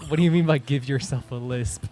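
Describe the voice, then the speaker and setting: A man's voice: medium pitch, brisk, mellow, faint music behind. A young man co-hosting a casual podcast chat, upbeat, laughing easily and restarting his sentences. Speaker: podcast co-host.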